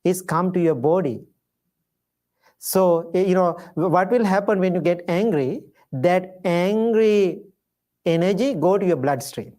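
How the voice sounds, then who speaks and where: A man, a Buddhist monk, giving a dharma talk in gentle storytelling with simple, repeated phrases. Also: sits high, a little slow. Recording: live talk to an audience.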